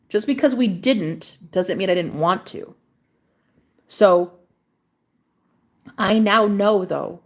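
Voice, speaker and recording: A young adult woman hosting a livestream, talking casually and bluntly, swearing freely and getting emotional. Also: medium pitch. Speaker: livestream host.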